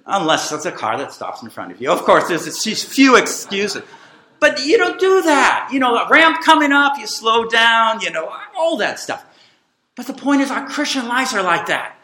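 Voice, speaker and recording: In a room full of echo, a middle-aged man preaches as pastor in a high, bright voice. His sermon is animated and emphatic, drawing the congregation into call-and-response.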